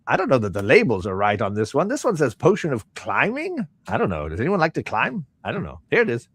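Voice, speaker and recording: A man voicing a fussy little male magic-item shopkeeper who chatters in a high, hesitant way. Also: fast talker, husky, heavily acted. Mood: rambling. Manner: high excitable patter with hesitant ums.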